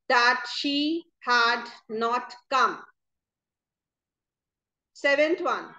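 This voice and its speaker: A woman teacher with a high voice reads grammar answers aloud at an unhurried pace, spelling out each comma and quotation mark. The recording sounds dull and lo-fi. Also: bright, forceful tone. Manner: slow, careful dictation of punctuation.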